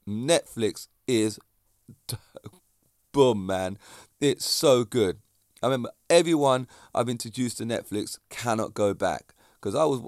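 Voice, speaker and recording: A man's voice: mid-range voice, dry recording, clean studio sound. A man, a fitness instructor giving a chatty, digressive monologue that speaks straight to the viewers. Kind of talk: casual monologue to camera.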